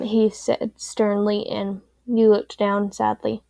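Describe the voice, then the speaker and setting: Gravelly mellow woman reading a story. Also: mid-range voice, flat delivery, takes it slowly, no room sound. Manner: rambling, offhand. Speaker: story reader. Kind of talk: casual chat and fan story reading.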